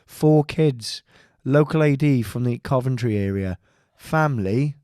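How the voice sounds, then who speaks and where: A man's voice: mid-range voice, unhurried, darkish tone, no room sound, clean studio sound. A man co-hosting a comedy podcast, telling stories with sweary banter and mocking impressions. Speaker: podcast co-host and actor. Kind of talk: casual comedic chat.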